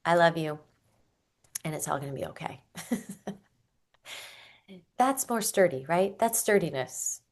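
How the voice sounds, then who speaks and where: A woman parenting coach talking in a gentle, reflective way, now and then acting out how a parent might sound. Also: low-pitched. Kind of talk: solo podcast talk.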